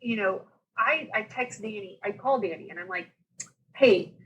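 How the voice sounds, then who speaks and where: A woman, a podcast guest telling her story in a lively, laughing way and acting out the dialogue. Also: medium pitch, moderate pace, slightly rough, muffled recording. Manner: animated, laughing, acts out dialogue. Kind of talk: casual storytelling.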